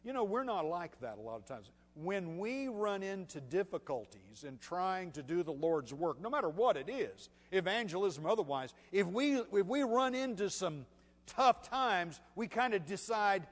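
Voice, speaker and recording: A man preaching a sermon, reading scripture and then explaining it in a conversational, animated way, acting out voices. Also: high voice, moderate pace, long reverb tail. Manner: conversational, animated, acts out voices with swings in loudness.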